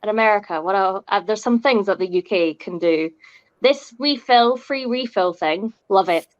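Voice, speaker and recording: A Scottish woman hosting a casual podcast chat, excitable and quick to laugh. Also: mid-range voice, highs cut off. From Scotland. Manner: chatty and excitable, laughs often. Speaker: podcast host.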